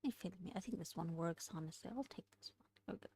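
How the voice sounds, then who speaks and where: A woman studying a language aloud, thinking out loud, hesitating and correcting herself as she works through exercises. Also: medium pitch, expressive, quick pace, slightly rough. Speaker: language learner streaming study session. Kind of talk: casual study-along lesson.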